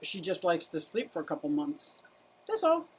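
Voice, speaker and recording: A woman's voice: lowish voice, sing-song, moderate pace, breathy edge. Chatty woman streaming about her turtles. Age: middle-aged. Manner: chatty, greets viewers, talks to her animals. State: out of breath at times. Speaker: turtle keeper livestreaming. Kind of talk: casual livestream chat.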